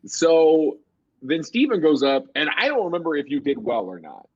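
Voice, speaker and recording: Husky lively man telling a story. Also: on the high side, moderate pace. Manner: rambling storyteller, trailing "like" and "you know". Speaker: comedian guest. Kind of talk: casual podcast chat. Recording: dull lo-fi stream audio.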